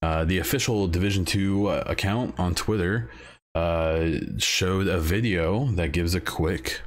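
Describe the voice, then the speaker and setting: Very deep-voiced rambling male podcaster. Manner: rambling, many "uh" fillers and restarts. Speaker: podcast host. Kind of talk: casual solo podcast talk.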